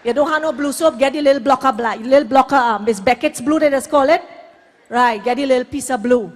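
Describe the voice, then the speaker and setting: A Trinidadian woman doing bawdy live stand-up comedy, brash storytelling with shouted punchlines on a hall stage. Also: sits high, a little fast.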